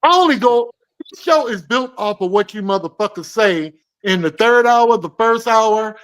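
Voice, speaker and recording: A male co-host on a morning show, loud and profane, teasing his co-hosts in crude comedic banter. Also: sits high, expressive, normal speed, clean tone, low-quality recording.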